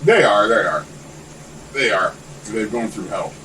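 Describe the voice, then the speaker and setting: The podcast guest, a man whose voice is on the low side and a little slow, rambles through long stories with lots of profanity, animated and casual. It's recorded on a distant mic with faint air-conditioner hum behind him.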